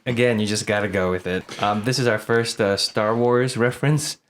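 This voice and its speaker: A man co-hosting a podcast, casually recapping a film's plot in quick summary. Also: lowish voice, fairly even intonation, slight background noise. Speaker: podcast co-host. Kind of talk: casual chat.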